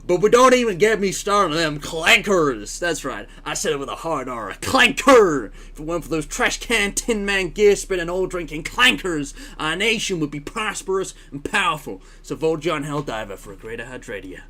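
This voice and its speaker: A man voicing a blustering male campaign orator in a put-on Southern American accent, loud and rousing. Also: on the high side, lively intonation, moderate pace, few pauses, voice pushed up. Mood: rousing, ranting.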